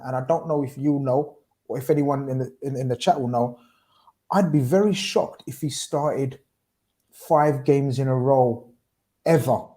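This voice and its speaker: Man, host, casual football talk, animated, rapid questions, warm voice. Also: medium pitch. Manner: animated, repeats himself, fires questions. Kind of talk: casual football chat on a livestream.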